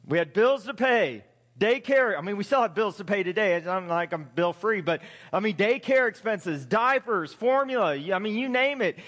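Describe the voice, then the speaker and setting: A man's voice: sits high, a bit bright, in a large hall. A man in his forties preaching a sermon as pastor, conversational and emphatic, with frequent rhetorical questions.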